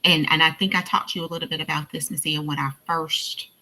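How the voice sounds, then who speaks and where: Woman host, casual live chat, rambling and reflective, lowish, bright tense tone. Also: little pitch movement, fast talker, slight background noise. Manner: talkative, reflective, many fillers.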